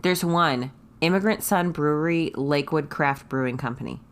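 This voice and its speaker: Very low-voiced woman co-host. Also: moderate pace. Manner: supportive, reassuring. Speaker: podcast co-host. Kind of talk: casual chat.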